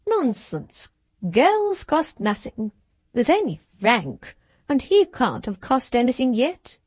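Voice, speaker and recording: A woman voicing a stern old countess from a period audiobook, imperious and disapproving as she lectures. The voice sits a little high and moves slowly and deliberately. It is recorded dry and close. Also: very animated, a little mellow, breathy edge, dry recording, heavily acted. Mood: lecturing. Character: haughty, stern aristocratic countess, older woman.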